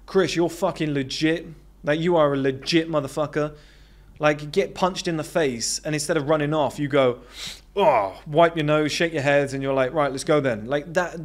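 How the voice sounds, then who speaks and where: Swearing freely, a blunt British self-improvement coach delivers an emphatic, unscripted motivational monologue. He speaks in a voice on the high side, slightly above typical male pitch.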